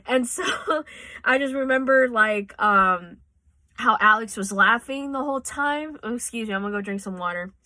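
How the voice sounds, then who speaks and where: A woman's voice: fairly high pitch, moderate pace, sharp tone, no room sound. A woman telling a personal story in a casual vlog, rambling and cursing freely, tearing up as she talks. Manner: rambling, tearful at times, swears freely. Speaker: vlogger. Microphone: phone.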